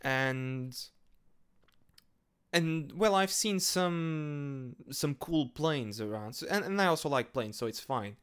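A man's voice: a little high, expressive, takes it slowly, fairly bright tone, clear, resonant tone. A man hosting a podcast, rambling casually with lots of hesitant fillers and swearing. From Portugal. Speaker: podcast host. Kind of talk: casual monologue.

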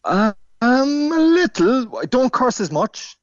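A man's voice: very high-pitched, very animated, slow, dry recording. A man from Cork with a Cork accent calls into a radio show. He chats easily and laughs often. His voice sounds dry and close, as if over a phone call. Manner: chatty, laughing, easygoing. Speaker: caller. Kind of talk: casual radio chat.

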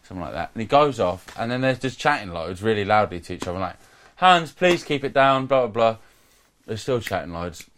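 A man's voice: fairly low pitch, expressive, quick pace, a little hiss or hum. A young man, telling a crude story casually among friends, swearing often and acting out the people he quotes. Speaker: podcast regular telling a story.

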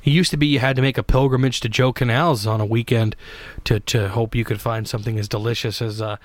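A man's voice: medium pitch, steady tone, fast talker, no room sound. A man hosting a casual solo podcast, rambling and joking with lots of restarts. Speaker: podcast host.

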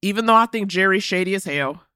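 A woman hosting a casual movie recap chat, animated and laughing, acting out characters' lines. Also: medium pitch, quick pace, clear, resonant tone, no room sound, studio quality. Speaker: podcast host.

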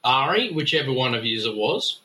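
A man's voice: mid-range voice, sing-song, moderate pace, pushed and bright. An Australian man leaving a casual voicemail, swearing freely and ranting with mock anger. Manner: profane, blustering, mock-angry. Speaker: voicemail caller.

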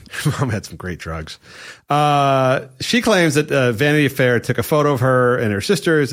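A man riffing as the host of a comedy chat show, crude and teasing. His voice sits at an ordinary mid pitch. He mocks and jokes as he talks. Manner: crude, joking, mocking. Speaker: podcast host.

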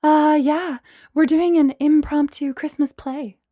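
A woman's voice: high voice, fairly even intonation, a little slow, warm tone, dry recording, studio quality, voice pushed up. A woman voicing a cheerful, flustered young hostess in a read-aloud story.

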